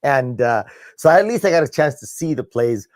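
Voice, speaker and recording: A man's voice: medium pitch, animated, moderate pace, no echo, clean studio sound. A man hosting a podcast in casual chat, telling stories in a rambling, enthusiastic way.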